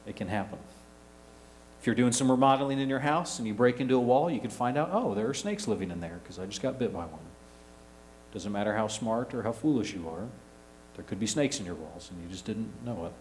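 A man, preaching a sermon, rising to loud emphasis and dropping to quiet asides. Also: mid-range voice, a little hiss or hum, low-quality recording. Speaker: pastor.

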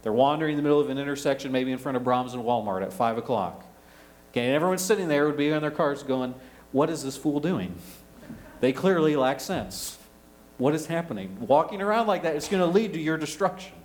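A man, preaching a sermon, rising to loud emphasis and dropping to quiet asides. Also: a little high, expressive, quick pace, rough recording. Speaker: pastor.

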